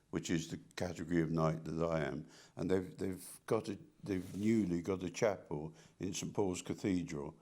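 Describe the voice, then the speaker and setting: An older man, an artist being interviewed, reminiscing casually in a halting way, with many restarts and repeated words. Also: low-pitched, dark tone.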